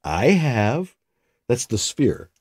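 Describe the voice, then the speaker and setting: A man's voice: medium pitch, big pitch swings, extremely slow, a little mellow, slightly rough, no room sound. A man co-hosting a casual tech show, reading listener questions with wry, jokey asides.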